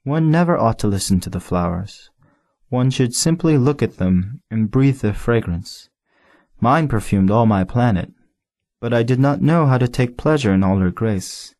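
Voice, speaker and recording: A man's voice: medium pitch, animated, normal speed, a little mellow, lightly acted. A man reading as an earnest young prince. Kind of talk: audiobook character voice.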